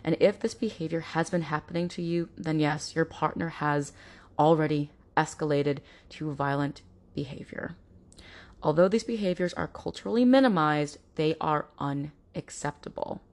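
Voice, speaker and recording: Low-voiced woman hosting a podcast. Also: moderate pace, darkish tone. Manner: earnest and direct, acting out quoted abusers in mocking voices. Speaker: podcast host. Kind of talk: informative podcast talk.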